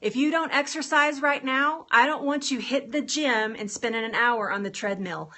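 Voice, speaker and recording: A woman's voice: high-pitched, moderate pace, pushed and bright. A woman health coach chatting casually on a live stream, upbeat and talking straight to her viewers about getting started with exercise.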